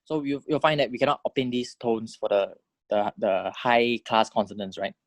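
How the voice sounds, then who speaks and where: A man giving a lecture on tones, explaining step by step, checking in with the class and saying sample syllables aloud in swooping pitches. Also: steady tone, moderate pace, dry recording. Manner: explanatory, checks in with "right?" and "correct?". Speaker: language teacher.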